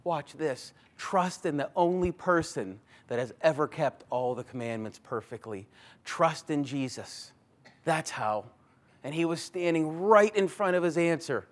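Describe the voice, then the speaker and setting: A man's voice: a little high, a little slow. Earnest male pastor preaching a sermon. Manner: earnest preaching, swinging from loud pleading to hushed emphasis.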